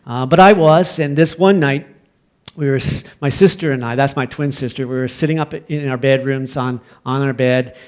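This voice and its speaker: A man's voice: medium pitch, fairly even intonation, normal speed, clean tone. Canadian man preaching an emphatic sermon. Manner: storytelling, rising to loud emphatic preaching. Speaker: pastor.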